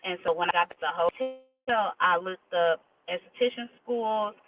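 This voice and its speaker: A man with a fairly high voice tells a long personal story, stringing it together with "like" and "you know" and acting out each quoted line. He sounds far from the mic on a thin, phone-like connection. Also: moderate pace, faint music behind. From Kansas City area, US. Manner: rambling, full of "like" and "you know", acts out quoted dialogue. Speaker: makeup artist and salon owner. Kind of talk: casual personal storytelling on a panel. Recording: tinny phone-like line, distant mic, faint noise.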